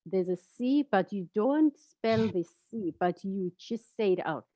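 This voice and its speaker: A woman's voice: mid-range voice, expressive, unhurried, dark tone, dry recording. A woman from South Africa with a South African accent, chatting on a video call and patiently teaching how to say her name. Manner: patient, teaching pronunciation step by step. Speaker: guest, founder. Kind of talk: casual video call conversation.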